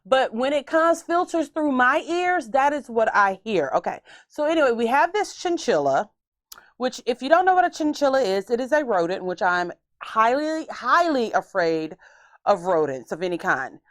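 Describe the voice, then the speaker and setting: A woman's voice: on the high side, normal speed, dry recording, clean studio sound. A woman hosting a podcast, telling stories in a casual, theatrical way. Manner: animated, theatrical storyteller. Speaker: podcast host. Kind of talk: casual storytelling chat.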